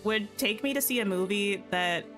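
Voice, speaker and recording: A woman's voice: mid-range voice, moderate pace, a bit bright, faint music behind. A woman streamer chatting casually while gaming, rambling and giggling at herself. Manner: rambling, giggly, self-deprecating.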